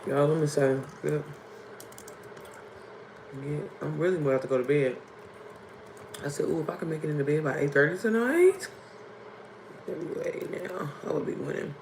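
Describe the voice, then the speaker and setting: A young woman with a hoarse voice, hosting a casual livestream and chatting directly to her viewers. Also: sits low, normal speed, long pauses, darkish tone, a little hiss or hum, poor audio. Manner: chatty, addresses viewers as y'all and baby. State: hoarse from screaming. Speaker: livestream host.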